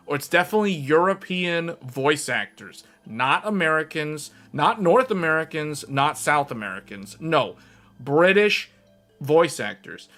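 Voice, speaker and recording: Male streamer, animated casual talk with viewers, slightly high pitch, faint background music. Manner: rambling, animated, laughs often.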